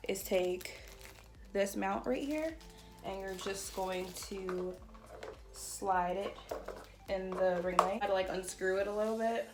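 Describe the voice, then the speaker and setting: A woman vlogging from her bedroom, chatting casually and excitedly while she unboxes and sets up a ring light, with lots of "like" and "y'all". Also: mid-range voice. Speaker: beauty vlogger. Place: bedroom at home. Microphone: phone or camera on a tripod.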